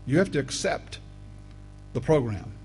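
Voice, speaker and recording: A man's voice: medium pitch, big pitch swings, a little slow, soft background music, poor audio. Emphatic preacher man reading scripture. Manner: emphatic, rising to loud bursts; addresses listeners as folks.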